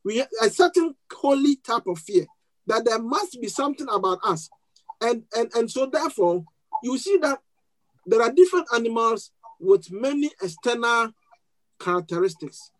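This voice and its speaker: A foreign-accented pastor preaches to a live congregation in a mid-range, expressive voice that's a bit bright, at a moderate pace, on poor audio. He pulls listeners in with questions and call-and-response, repeating key words for emphasis and often restarting between phrases.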